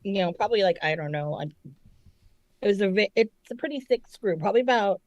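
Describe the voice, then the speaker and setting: A woman co-hosting a podcast in a loose, animated way, cursing freely as she tells a story. Her pitch jumps up and down a lot. The recording is dry and close, with no room sound. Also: a little fast, dry recording, dull audio. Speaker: podcast co-host. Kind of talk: casual chat.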